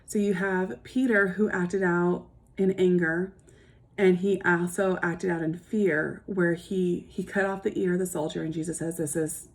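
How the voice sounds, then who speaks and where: A woman's voice: on the low side, creaky. A woman giving an earnest devotional reflection, speaking casually with restarts and asking her listeners many searching questions.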